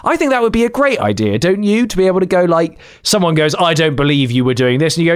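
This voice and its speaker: A man's voice: fairly high pitch, sing-song, quick pace, hardly any pauses, smooth. A young man hosting a casual gaming podcast, enthusiastic and playful, recorded on a close mic. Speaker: podcast host.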